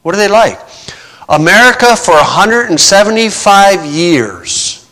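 A man's voice: sits high, big pitch swings, a little slow, pushed and bright. A man preaching a sermon in a plain-spoken way, with sarcastic asides and scripture quoted in mocking voices. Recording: long hall reverb.

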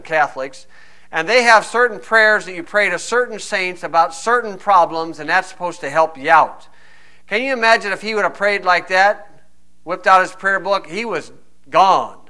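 A male preacher with a high, bright voice. He reads old-style scripture and then drops into wry, homespun commentary, keeping the sermon relaxed and conversational.

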